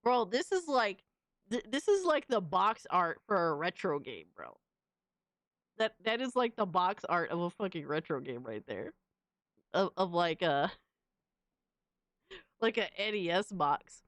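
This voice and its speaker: A woman's voice: lowish voice, very animated, measured pace, long pauses, a bit bright, no echo, clean studio sound. A young woman streamer reacting casually to fan images, slangy and exclamatory, often laughing.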